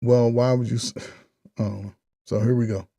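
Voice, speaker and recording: A man talks through a dating show clip in blunt, slangy reaction commentary. His voice is mellow and dark, and his delivery is animated. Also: medium pitch, normal speed, vocal fry.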